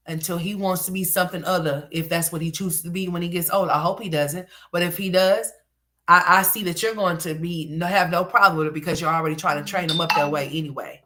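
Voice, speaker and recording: A woman's voice: lowish voice, bright, forceful tone. A woman giving livestream commentary, ranting bluntly with lots of profanity.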